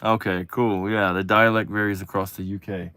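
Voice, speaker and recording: A man's voice: fairly low pitch, flat delivery, moderate pace, pushed and bright, clean tone, dry recording, studio quality. A man from Texas with a Texan accent hosts a live stream in casual chat, rambling easygoingly and trailing off with lots of "you know" asides. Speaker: host.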